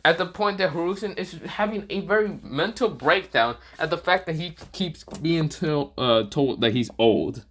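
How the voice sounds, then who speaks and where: A man's voice: a little high, normal speed, hardly any pauses, fairly bright tone. A man improvising a fan-fiction story, rambling with many fillers and slips.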